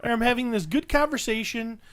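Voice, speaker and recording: A man hosting a podcast, chatting casually and telling a story with lively acted-out quotes. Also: extremely high pitch, brisk. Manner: animated storyteller, acts out quotes. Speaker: podcast host.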